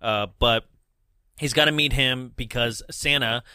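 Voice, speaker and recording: A man co-hosting a casual podcast chat, quick and jokey, laughing often. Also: medium pitch, sharp tone, clear, resonant tone, no room sound, clean studio sound. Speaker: podcast co-host.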